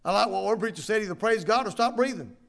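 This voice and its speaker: A man preaching a sermon, telling a long story in a folksy way with fillers and restarts, and reading scripture slowly. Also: high-pitched, gravelly, fairly bright tone. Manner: reads scripture in slow, drawn-out cadence. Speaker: pastor.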